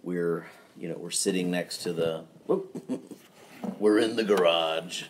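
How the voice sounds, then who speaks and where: A man casually chatting on his own live stream from his home garage at night, relaxed and rambling, with chuckling asides. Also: deep voice, takes it slowly, background noise.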